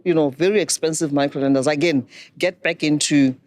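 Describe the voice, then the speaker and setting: A middle-aged woman, a banking expert giving measured, instructive advice. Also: deep voice, steady tone, darkish tone. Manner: measured, instructive, poses questions to listeners. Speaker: banking and microfinance expert guest. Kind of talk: explanatory advice talk.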